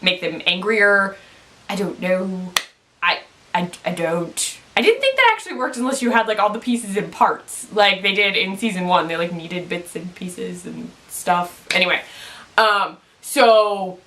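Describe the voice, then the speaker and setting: A woman talks straight to her viewers in a quick, casual recap. Her voice is bright and forward, and she sounds excitable and chatty, full of little fillers. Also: medium pitch. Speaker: vlogger recapping a TV episode.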